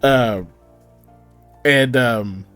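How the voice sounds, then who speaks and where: A man's voice: mid-range voice, drawn-out words, a bit bright, faint music behind. A man running a tabletop game as game master, rambling and laughing often through his narration.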